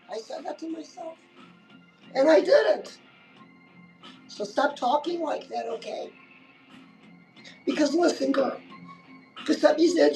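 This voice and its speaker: A woman's voice: high-pitched, unhurried, creaky, pauses often, a little mellow, recorded from a distance, soft background music, poor audio. A woman giving a chatty live-stream pep talk as a life coach, keeps calling the listener "girl" and saying "listen".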